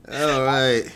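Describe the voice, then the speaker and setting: Loud, lively talk-show host. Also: male voice, medium pitch. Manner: loud, lively interjections, mixes Yoruba and Pidgin. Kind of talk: live call-in show hosting.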